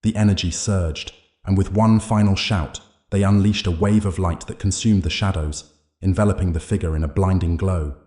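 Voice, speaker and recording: A man narrates a scripted horror story in a measured, dramatic way. His voice is low and deep. The recording has a roomy echo. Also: fairly even intonation, dark tone.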